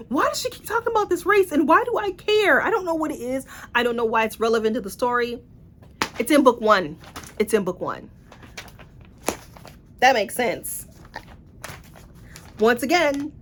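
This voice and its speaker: A woman's voice: medium pitch, a bit bright, a little hiss or hum. Sarcastic lady book reviewer, venting casually, keeps acting out her own disbelief. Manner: exasperated, sarcastic, acts out incredulous inner voices. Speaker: book reviewer and teen librarian.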